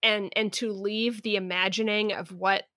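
A woman co-hosting a podcast, giving firm opinions in a halting, deliberate way. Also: medium pitch, flat delivery, bright, forceful tone, dry recording, studio quality. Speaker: podcast co-host. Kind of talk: casual book discussion.

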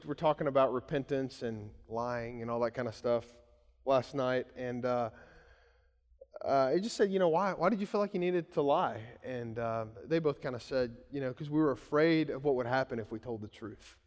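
A man's voice: mid-range voice, normal speed, big-room sound. A male pastor in his thirties, preaching a conversational sermon full of anecdotes and restarts. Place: church sanctuary.

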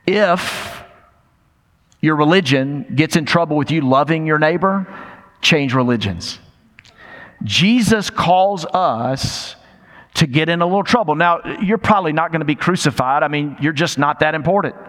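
A man's voice: on the high side, animated, normal speed, fairly bright tone. An older man preaching a sermon, emphatic and conversational, with rhetorical questions and repetition. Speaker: pastor. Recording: long reverb of a large hall.

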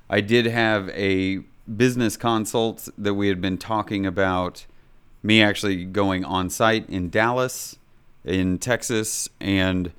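A man's voice: on the low side, fairly bright tone, clean tone. A man from Kansas, co-hosting a podcast and telling stories in a rambling, upbeat way. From Kansas, USA. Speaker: podcast co-host. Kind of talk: casual podcast chat.

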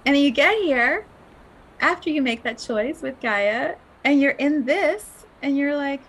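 A woman hosts a spiritual podcast in a dreamy, breathy voice, often dropping to near-whispers and breaking into laughter. Her voice sits a little high and carries a gravelly fry at the ends of phrases. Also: lively intonation, unhurried, a little hiss or hum, rough recording. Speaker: podcast host.

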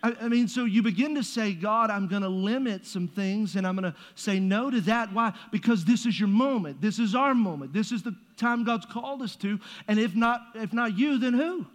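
A man's voice: high-pitched, normal speed, hardly any pauses. A man preaching a sermon as pastor, conversational and joking, with playful asides to the congregation. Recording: long reverb of a large hall.

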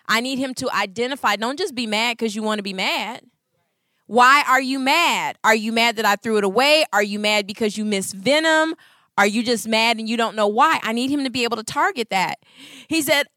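A woman in her thirties giving a Christian talk on marriage, expressive and full of acted-out voices. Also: on the high side, moderate pace, no echo, studio quality. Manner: expressive, acts out voices, laughs. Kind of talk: animated storytelling talk.

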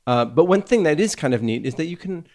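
A man's voice: fairly high pitch, lively intonation, quick pace, darkish tone. A man hosting a podcast in casual chat, rambling with many fillers and restarts. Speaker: podcast host.

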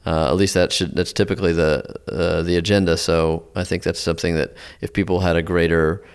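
A man, a filmmaker who gives advice in a lecture, thoughtful and halting, often restarting his sentences. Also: low-pitched, little pitch movement, clear, resonant tone. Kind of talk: lecture talk.

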